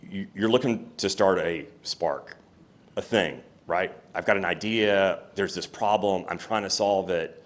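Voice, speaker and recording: A man telling candid, reflective stories as a guest at a fireside chat before an audience. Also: sits low. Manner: candid, reflective storytelling with restarts. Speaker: company CEO, guest speaker. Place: room with an audience.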